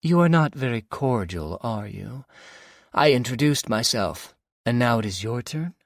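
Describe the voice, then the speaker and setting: A man's voice: mid-range voice, animated, a little slow, no echo, clean studio sound, pitched above the performer's own voice. A man voicing a cold, menacing woman villain in an audiobook, with a foreign accent and a purring manner. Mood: mocking. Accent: Russian.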